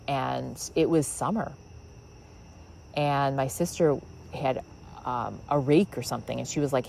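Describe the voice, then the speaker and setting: Very low-voiced woman musing in her backyard. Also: vocal fry, darkish tone, slight background noise, poor audio. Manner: musing, rambling with many fillers. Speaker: podcast host. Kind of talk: reflective spiritual monologue. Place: outdoors in a backyard.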